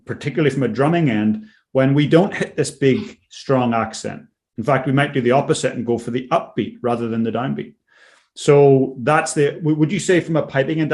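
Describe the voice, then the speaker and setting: A man's voice: medium pitch, a little mellow. Enthusiastic male drumming co-host. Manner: enthusiastic, affirming. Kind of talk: conversational lesson.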